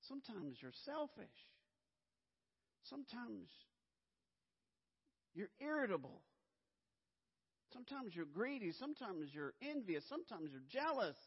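A man preaching a sermon as pastor, swinging from hushed low lines to loud, urgent emphasis. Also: big pitch swings, a little slow, long pauses, husky. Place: church sanctuary. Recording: dull lo-fi sound, long hall reverb.

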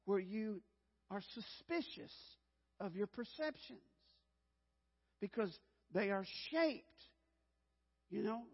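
A male pastor with a high, bright-toned voice delivers an emphatic sermon, repeating his key phrases and calling for responses from the congregation. His voice rings through a long church-hall reverb, and the sound is slightly dull and muffled. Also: slightly rough.

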